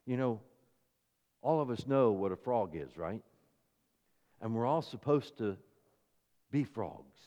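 A man preaching a sermon as pastor, swinging between emphatic, rising passages and quieter asides. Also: medium pitch, animated, slow pace, pauses often, big-room sound, muffled recording.

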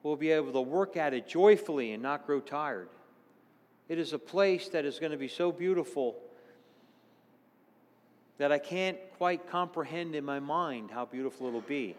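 Male preacher, fairly high voice, earnest sermon delivery, drops soft then lifts to excited calls, long church reverb. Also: normal speed. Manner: earnest, swings between hushed and exclaiming.

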